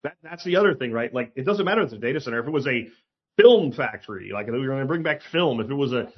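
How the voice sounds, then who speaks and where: Blunt, profane man with a husky voice. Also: mid-range voice, animated, rapid-fire, highs cut off. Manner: blunt, profane, sarcastic, emphatic. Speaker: commentary host. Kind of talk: casual opinion monologue.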